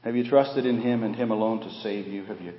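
A man preaching a Good Friday sermon as pastor. He quotes scripture, sometimes raising his voice for emphasis and sometimes dropping to a hush. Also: on the low side, fairly even intonation, fairly quick, a little hiss or hum. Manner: quotes scripture, swings between raised emphasis and hushed delivery. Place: church sanctuary during an evening service. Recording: echoey hall, dull lo-fi sound.

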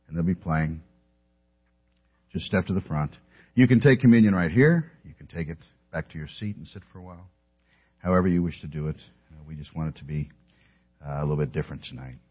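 Husky-voiced pastor speaking in church. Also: male voice, low voice, muffled recording. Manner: relaxed, conversational, with many fillers. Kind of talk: sermon with scripture reading. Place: church sanctuary.

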